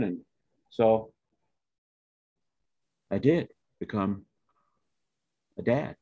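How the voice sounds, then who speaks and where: A man's voice: sits low, a little mellow. Older Oklahoma man reminiscing, lo-fi. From Oklahoma, USA. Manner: rambling, heartfelt, with many restarts. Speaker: interviewee. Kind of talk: reflective life-story telling.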